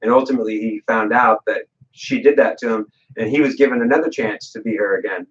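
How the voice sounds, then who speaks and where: A man talking on a livestream as a guest, telling stories with animated delivery and voiced quotes. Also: on the low side, fast, hardly any pauses, dull audio. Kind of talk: livestream talk, storytelling.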